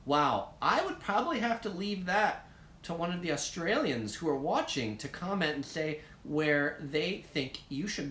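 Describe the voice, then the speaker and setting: A man's voice: a little high, fairly bright tone, echoey room, slight background noise. An American man hosting a casual live chat and answering viewer comments, rambling along with lots of ums, uhs and likes. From United States.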